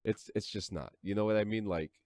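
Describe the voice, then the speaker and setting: A man's voice: lowish voice, fairly quick, a little mellow, no room sound. A man co-hosting a podcast, talking in a laid-back, chatty way with lots of fillers. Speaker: podcast co-host. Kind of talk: casual podcast chat.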